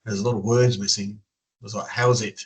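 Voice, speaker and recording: Australian man, lower range, casual interviewee, lots of fillers, video call. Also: flat delivery, brisk, a little mellow, poor audio. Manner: rambling, many fillers and restarts.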